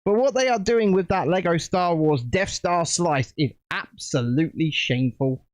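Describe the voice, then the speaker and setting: A man hosting a live stream, chatting in a rambling, animated way as he builds a set. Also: a little high, moderate pace, dry recording. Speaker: streamer host. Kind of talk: casual live-stream chat while building.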